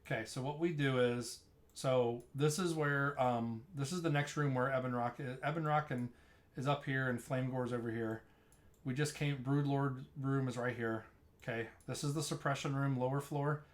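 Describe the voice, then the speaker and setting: In a casual gameplay walkthrough, a young male streamer explains raid tanking while breaking down a fight over replay footage. His middle-pitched voice keeps a steady tone at a moderate pace, and his conversational delivery often loops back to restart a thought.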